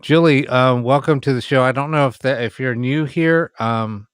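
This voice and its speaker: A man's voice: mid-range voice, normal speed, smooth, no echo, clean studio sound. A man hosting a late-night ghost box livestream, talking casually with many ums and sounding tired.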